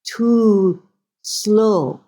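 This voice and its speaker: A woman voicing her elderly immigrant mother, who speaks in slow, clipped, halting English and keeps a matter-of-fact tone. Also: mid-range voice, mellow, voice pushed up.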